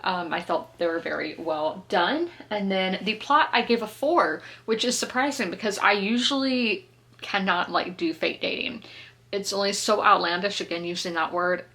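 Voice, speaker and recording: A young woman from the American South talks through a book review in a loose, chatty way. She laughs easily and often stops to correct herself mid-thought, and her voice sits at an ordinary middle pitch. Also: moderate pace, bright, forceful tone. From South Carolina, US. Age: 20s. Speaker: book vlogger. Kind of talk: casual book review chat.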